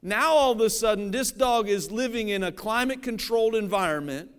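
A man's voice: high-pitched, a little fast, clean tone. A man from Cincinnati, Ohio, preaching a sermon in a conversational, joking way and often checking that the audience follows along. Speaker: pastor.

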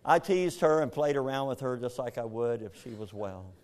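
A man's voice: medium pitch, a little fast, a little mellow. A man, telling a personal story in an earnest, plainspoken way. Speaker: speaker telling his story. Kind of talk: personal testimony.

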